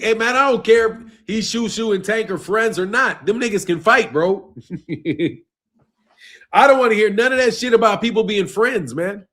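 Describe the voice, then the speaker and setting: A man's voice: high voice, moderate pace, a bit bright. A young man hosting a boxing live stream, laughing and swearing as he argues with viewers' comments. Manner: exasperated, profane, laughing, arguing with commenters. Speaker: boxing channel host.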